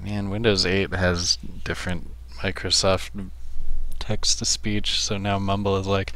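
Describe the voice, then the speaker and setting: A man's voice: sits low, level tone, measured pace, a bit bright, rough recording. A man chatting casually while playing a game with friends, goofy and joking. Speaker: game streamer. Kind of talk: casual gaming chat.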